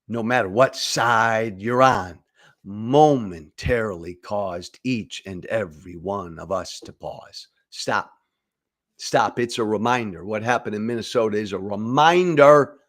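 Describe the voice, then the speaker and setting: Emphatic middle-aged man delivering commentary. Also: lowish voice. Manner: emphatic, repetitive, preachy, stammering restarts. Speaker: political commentary show host. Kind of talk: direct-to-camera political commentary.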